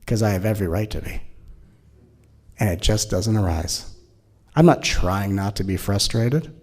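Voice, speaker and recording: A man giving an animated, playful spiritual talk as a teacher, often slipping into mocking voices. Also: lowish voice, moderate pace.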